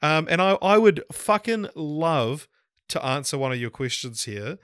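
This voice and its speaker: A man hosting a podcast, slightly hoarse, talking casually in a rambling, hesitant, self-deprecating way. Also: a little high, expressive, unhurried, fairly bright tone, dry recording, studio quality. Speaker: podcast host. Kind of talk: casual chat.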